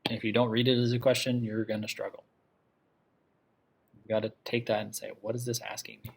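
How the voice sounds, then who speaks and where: A man's voice: lowish voice, level tone, brisk, vocal fry, breathy edge. A man teaching a math class, explaining step by step and often stopping to ask "okay?" to check that his students follow. He asks the class questions and repeats the key ideas. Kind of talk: classroom lecture.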